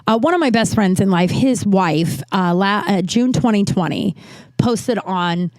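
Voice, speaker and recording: A woman's voice: medium pitch, lively intonation, a little slow, darkish tone, no echo. A woman hosting a podcast, talking casually and animatedly, with frequent restarts and fillers and some swearing when heated. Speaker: podcast host. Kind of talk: casual monologue. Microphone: podcast mic, also filmed for video.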